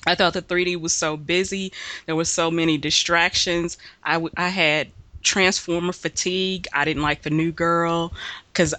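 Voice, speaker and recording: A man's voice: fairly high pitch, moderate pace, smooth, dry recording. A man hosting a podcast in casual chat, steering the talk to the next topic. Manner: relaxed, reacting briefly, steering to the next topic. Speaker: podcast host.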